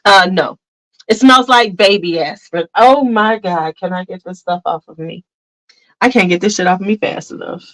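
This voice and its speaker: A woman with a fairly low, somewhat bright voice reviews perfume at a moderate pace, heard through a rough recording. Her fragrance vlog is casual, and she speaks bluntly and frankly, often calling viewers "y'all."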